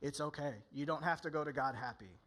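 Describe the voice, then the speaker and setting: A man's voice: fairly high pitch, a little fast, fairly bright tone. A male pastor preaching a candid, conversational sermon in church, often acting out people's inner voices.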